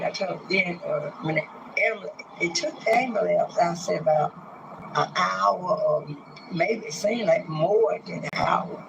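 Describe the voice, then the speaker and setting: Older man, 60s, high gravelly voice, halting delivery, noisy recording. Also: highs cut off. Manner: halting, hesitant retelling with many pauses and restarts. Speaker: man recounting a police arrest. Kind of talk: recorded street interview.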